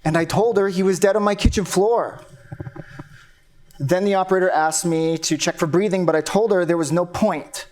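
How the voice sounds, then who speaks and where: A man's voice: sits high, steady tone, normal speed, a little mellow, close to an everyday voice. A man playing a guarded young man under questioning. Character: young man James questioned after killing his abusive father. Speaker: accused son. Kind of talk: stage play acting.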